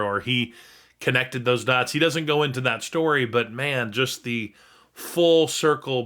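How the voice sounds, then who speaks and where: An earnest male host comments on a video with heartfelt, rambling sincerity. His voice is bright and forward, at a middle pitch. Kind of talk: faith reaction commentary.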